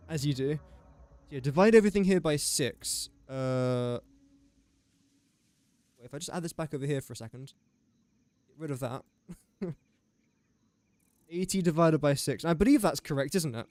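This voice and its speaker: A man's voice: fairly high pitch, expressive, a little slow, long pauses, darkish tone, no echo. Chatty guy streaming a game. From England. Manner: thinks aloud while doing sums, chatty and joking. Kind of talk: casual live-stream chat.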